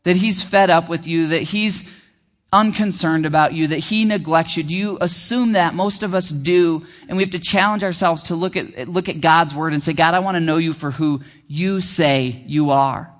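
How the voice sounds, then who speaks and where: Earnest pastor preaching in a reverberant hall. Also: male voice, on the high side, fairly bright tone. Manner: earnest, conversational preaching with repeated restarts; slows down for key phrases. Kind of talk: sermon.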